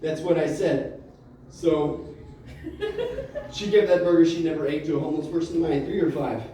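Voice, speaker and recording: A man doing a rambling stand-up set, telling a loose, halting story full of "like" and restarts. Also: a little high, big pitch swings, dark tone. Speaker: stand-up comedian. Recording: roomy, distant mic with faint room noise.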